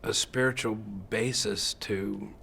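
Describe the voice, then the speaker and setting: A man interviewing a guest, asking friendly, halting questions with restarts. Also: lowish voice, steady tone, gravelly, pushed and bright, slight background noise. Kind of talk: interview conversation.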